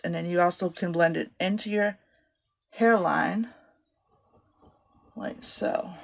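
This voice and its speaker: A woman's voice: on the low side, gravelly, fairly bright tone. A middle-aged woman chatting casually through a makeup tutorial from a small home office closet. She rambles and swears freely. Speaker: makeup vlogger.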